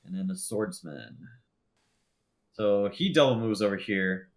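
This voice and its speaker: A man's voice: on the low side, animated, a little slow. A man running a tabletop game as game master, narrating loosely with lots of fillers and laughs.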